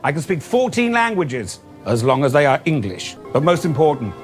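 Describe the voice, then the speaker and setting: A man voicing a pompous, self-important British gentleman who speaks in a stately, pompous way. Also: a little high, big pitch swings, normal speed, faint music behind.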